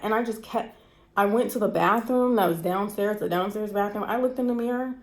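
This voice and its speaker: A woman's voice: medium pitch, a little fast. A woman recounts a painful night straight to camera, her voice shaky and stressed. She talks in candid, repetitive bursts, swearing as she goes. The room around her rings with a noticeable echo. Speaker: vlogger. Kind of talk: personal storytime vlog. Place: cold room indoors. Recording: roomy echo.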